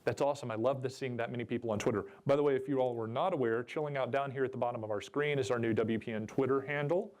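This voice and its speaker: A man's voice: mid-range voice, fairly even intonation, quick pace, few pauses, a little mellow. A man giving a jokey, chatty seminar talk at a convention and asking the audience questions. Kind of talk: live presentation to a room.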